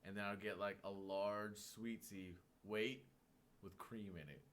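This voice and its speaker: A young man from Oklahoma co-hosting a casual podcast. His voice sits low but has a bright, forceful edge. He talks in a laid-back, joking way. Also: fairly even intonation, unhurried. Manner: laid-back, jokey, swears. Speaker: podcast co-host. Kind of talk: casual chat.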